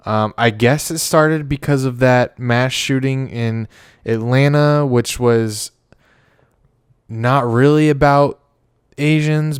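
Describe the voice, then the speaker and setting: A man's voice: medium pitch, smooth, dry recording, studio quality. A young man co-hosting a podcast, speaking in a laid-back, hesitant way with many ums. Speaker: podcast co-host. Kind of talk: casual chat.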